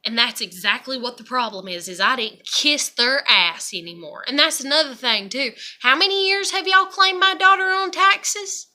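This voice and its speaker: A woman vents in a personal vlog, her voice high and very bright. She swears freely and fires off one angry rhetorical question after another. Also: moderate pace, hardly any pauses. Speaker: vlogger.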